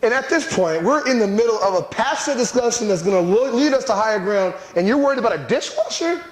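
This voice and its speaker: A man telling a lively personal story, repeating a running catchphrase for effect. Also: very high voice, fast talker. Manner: animated, repeats a catchphrase for laughs. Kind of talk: storytelling talk. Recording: echoey room.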